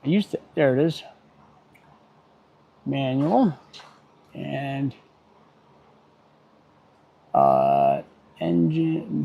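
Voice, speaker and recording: A middle-aged car technician with a slightly high, creaky, darkish voice chats on a livestream as he works. He mutters to himself, gets irritated easily, and makes dry jokes. The stream sound is dull and lo-fi.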